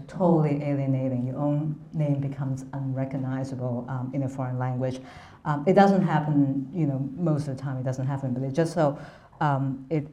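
A woman's voice: rumbling low, mellow. Lady lecturer, hesitant, keeps restarting, echoey room. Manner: hesitant, frequent ums and restarts. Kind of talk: academic lecture. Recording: roomy echo.

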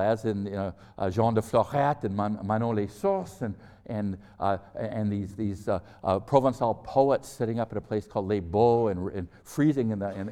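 Older male lecturer, fairly low voice; halting delivery full of fillers, digressive and wry. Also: a little mellow. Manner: halting, many fillers and restarts. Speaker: history lecturer. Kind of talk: university lecture.

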